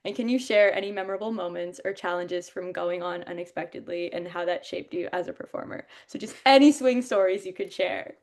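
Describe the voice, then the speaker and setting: A woman's voice: on the low side, fairly quick, few pauses, a little mellow. A woman hosting an interview show, talking in an upbeat, eager way and agreeing often with her guest. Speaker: podcast host. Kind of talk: casual interview chat.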